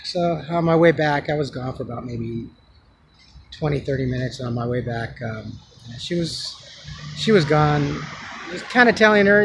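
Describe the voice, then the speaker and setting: A man vlogging outdoors, telling a story in a rambling, halting way with many restarts. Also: fairly high pitch, animated, a bit bright, slight background noise. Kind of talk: casual storytelling vlog. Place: outdoors on the street.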